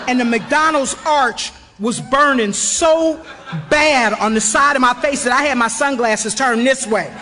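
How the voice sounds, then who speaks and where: Woman, from Ohio, very high pitch, bright tone, animated comic storytelling, faint noise. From Ohio, USA. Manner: animated storyteller, acts out voices, loud bursts and laughter. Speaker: recovery meeting speaker. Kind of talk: humorous personal story told to an audience. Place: hotel conference hall, live audience.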